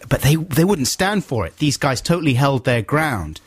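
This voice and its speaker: Brief: lively male radio host, story told in a dry studio. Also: mid-range voice, fairly quick, husky, no room sound. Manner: animated, laughing, acts out quotes. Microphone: studio mic.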